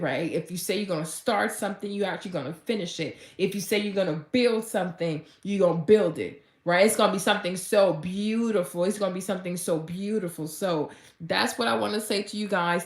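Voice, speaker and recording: A woman fitness vlogger talking casually and gushing with excitement, full of "like" fillers. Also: medium pitch, roomy sound. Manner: gushing and chatty, heavy use of "like", and bursts of excitement. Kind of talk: casual motivational vlog talk.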